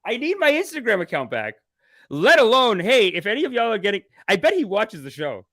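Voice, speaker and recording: A man hosting a comedic live stream. He swings between hushed mock-spiritual calm and loud excited outbursts, laughing often. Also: sits high, brisk. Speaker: livestream host.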